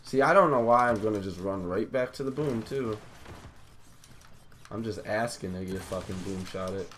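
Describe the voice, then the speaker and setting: A man's voice: on the low side, moderate pace, a little hiss or hum. Hyped young man doing game commentary. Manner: hyped slangy banter, loud outbursts. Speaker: gaming YouTuber. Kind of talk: live gameplay commentary.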